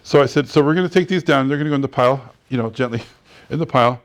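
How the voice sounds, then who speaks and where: A man's voice: medium pitch, rapid-fire. A man teaching a real estate class, telling stories and acting out the dialogue with frequent laughter. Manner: animated storyteller who acts out dialogue and laughs often. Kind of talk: classroom lecture with anecdotes.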